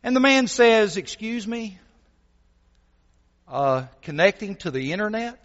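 A man preaching a sermon as a visiting gospel preacher, earnest and animated as he tells a story, with many fillers. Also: sits high, measured pace. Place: church hall. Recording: dull sound, long church reverb.

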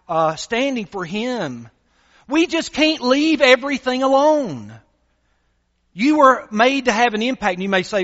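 A man's voice: very high-pitched, expressive, a little slow, fairly bright tone, big-room sound, highs cut off. A man preaching a sermon as pastor, emphatic and full of rhetorical questions to his congregation.

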